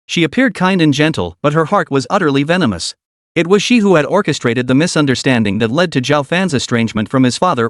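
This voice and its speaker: A man's voice: a little high, no room sound, studio quality. A man reading scripted story recap narration in a dramatic storytelling manner.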